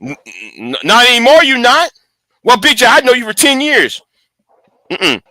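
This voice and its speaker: A man's voice: very high voice, big pitch swings, moderate pace, pushed and bright, no room sound. A man hosting his channel in a casual, profane, angry rant, stumbling and repeating words. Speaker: channel host.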